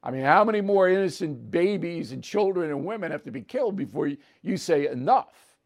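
A man's voice: on the high side, animated, fairly quick. Blunt, emphatic male show host. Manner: emphatic and blunt, punctuating points with "okay?" and "all right?". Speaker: political commentator hosting his own show. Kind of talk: opinion commentary monologue.

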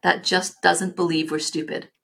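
On an interview podcast, a middle-aged Canadian woman who leads a nonprofit reflects on past stories, restarting often and using plenty of fillers. Her voice sits on the low side with a level tone and moderate pace, creaky, a bit bright, and slightly rough.

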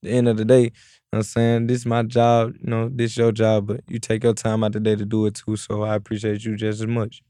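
A man's voice: fairly low pitch, monotone, quick pace, dark tone, dry recording, studio quality. A young man from Memphis with a Memphis accent, a guest in an interview, talking casually in a laid-back, slangy way. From Memphis, Tennessee. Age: young adult. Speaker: rapper guest.

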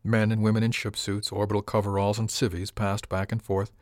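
A man reading a first-person novel as an audiobook, measured and even. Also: on the low side, no echo, clean studio sound. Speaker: audiobook narrator.

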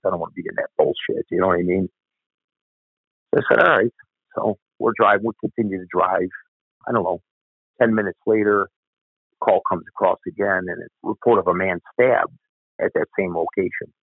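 This retired cop, now an older man, recounts a story in an interview with blunt, profane language. His low voice is gravelly and slightly rough. There's no room sound, and the audio has a tinny, phone-like quality.

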